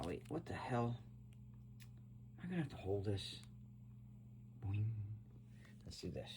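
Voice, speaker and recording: A man filming a casual unboxing vlog after a night of drinking, rambling between loud exclamations and low muttering. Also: heavy background noise. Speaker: vlogger.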